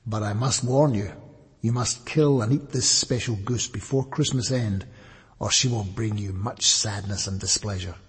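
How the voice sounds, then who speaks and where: Man doing a sly merchant, raised voice, breathy, hall echo behind. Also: on the low side, moderate pace. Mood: persuasive. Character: sly smooth-talking male market merchant.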